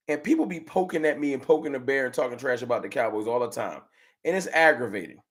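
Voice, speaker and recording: Trash-talking man hosting a sports livestream. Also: medium pitch. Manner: animated trash talk, slangy, drawn-out rants. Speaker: sports fan livestream host. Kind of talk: casual livestream chat reading super chats.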